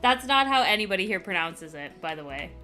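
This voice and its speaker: Young woman, Canadian accent, bright clear tone, casual teasing chatter, soft game music behind. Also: medium pitch, very animated, brisk. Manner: chatty, laughs often, teasing. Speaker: streamer. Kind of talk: casual chat while playing.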